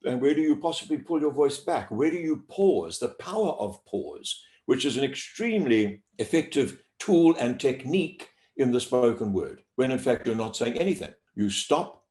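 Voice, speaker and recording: A male voice coach answers interview questions, carefully demonstrating vowel sounds. His pitch swings widely as he makes his points. The recording carries a noticeable room echo. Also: expressive, mellow. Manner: clear, deliberate teacher's delivery, stretching out sounds to demonstrate. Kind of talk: interview answers, explaining pronunciation. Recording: echoey room.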